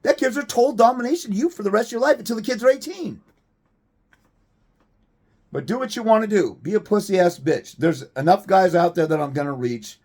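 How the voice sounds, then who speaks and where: A man speaks to camera in a fairly high, combative voice, blunt and profane. He hammers his points with rhetorical questions and cutting remarks. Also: animated, a little fast, a little mellow. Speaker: fathers' rights advocate. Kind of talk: direct-to-camera rant.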